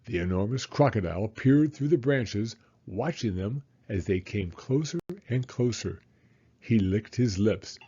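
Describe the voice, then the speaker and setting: A man reading a children's storybook aloud in an expressive, dramatic way. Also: fairly low pitch, measured pace, husky, muffled recording.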